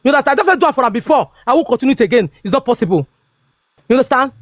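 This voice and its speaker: Nigerian lady in her 50s, high-pitched, rattles on fast, dry close sound. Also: animated, dry recording. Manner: emphatic, repetitive, keeps asking "you understand me?". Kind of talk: heated casual talk in Pidgin-laced English.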